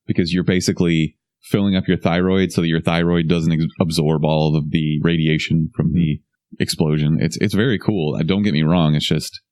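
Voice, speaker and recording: A man's voice: very deep voice, level tone, normal speed, a little mellow. A young man co-hosting a podcast in casual chat, joking wryly with a dry, sarcastic edge. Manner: wry, joking, a little sarcastic. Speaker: podcast co-host.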